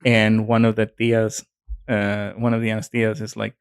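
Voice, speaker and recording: A man's voice: on the low side, monotone, a little slow, clear, resonant tone, dry recording, studio quality. A young adult man from Mexico with a Mexican accent, co-hosting a podcast in a chatty way with many fillers. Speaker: podcast co-host. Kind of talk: casual chat.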